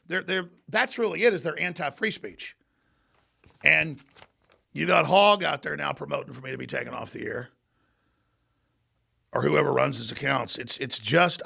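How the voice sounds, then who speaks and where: A man hosting a talk show, delivering a heated political monologue in a ranting, forceful way. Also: mid-range voice, creaky, breathy edge. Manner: ranting, forceful, with mocking put-on voices in quotes.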